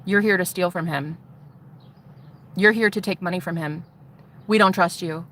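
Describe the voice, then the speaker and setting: A woman's voice: fairly low pitch, normal speed, fairly bright tone, recorded from a distance, pitched below the performer's own voice, natural voice. Woman putting on a sneering, scornful woman. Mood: accusing. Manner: condescending, sneering, calls her honey. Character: cold, scornful woman accusing the narrator.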